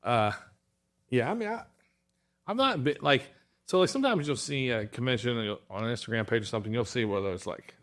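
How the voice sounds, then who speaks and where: Male host, laid-back and profane, spins anecdotes in a relaxed chat. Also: mid-range voice, a little fast. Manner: profane storyteller, acts out quotes. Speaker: podcast host. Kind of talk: casual chat.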